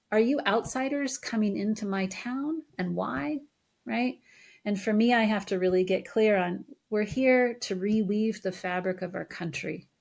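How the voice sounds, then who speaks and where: A woman therapist as a podcast guest, earnest and animated, laughing easily as she tells stories. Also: on the low side, vocal fry. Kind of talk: conversational interview.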